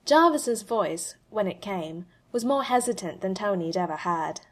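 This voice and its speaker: A woman with a mid-pitched voice reads a fan story aloud. Her narration is expressive, with pauses that build suspense. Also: husky. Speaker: fanfiction reader.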